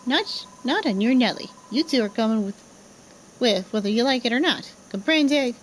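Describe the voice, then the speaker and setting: A woman's voice: fairly high pitch, animated, slight background noise, close to an everyday voice, poor audio. A woman voicing a brash, bossy young girl with cockney slang who orders people around. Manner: brisk, commanding, working-class slang.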